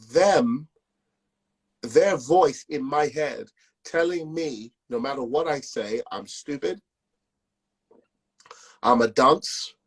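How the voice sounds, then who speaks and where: On a low-quality call recording, a man with a medium-pitched, slightly breathy voice shares a personal testimony. As he tells the story, he acts out its dialogue.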